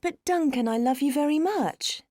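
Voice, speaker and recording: A woman's voice: high-pitched, normal speed, warm tone, no room sound, studio quality, close to an everyday voice. A woman acting an affectionate young woman soothing her boyfriend in a textbook dialogue, coaxing and insistent.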